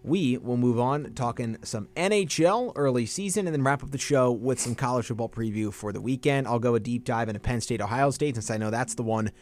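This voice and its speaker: A man's voice: mid-range voice, fairly quick, hardly any pauses, a little mellow. A young man hosting a college sports radio show in a studio, confident and teasing his co-host. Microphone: studio microphone with headphones.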